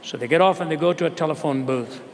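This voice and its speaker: Telling a story in a sermon, an earnest male preacher presses his listeners with rhetorical questions and slows down to stress key words, his gravelly voice sitting fairly high for a man. He speaks in a large hall with a live audience, where long reverb rings out over a faint background hiss.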